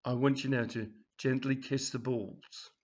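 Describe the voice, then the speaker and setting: A man playing a slow, patient snooker coach. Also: medium pitch, fairly even intonation, darkish tone, slight background noise, natural voice. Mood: instructive. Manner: slow, deliberate instructions. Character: patient middle-aged male snooker instructor. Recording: dull, lo-fi home recording.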